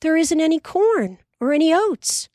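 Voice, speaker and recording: A woman's voice: very high voice, animated, normal speed, mellow, no echo, studio quality, voice pushed up. A woman reading an audiobook voices Laura, an earnest young girl who asks worried, pleading questions. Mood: anxious.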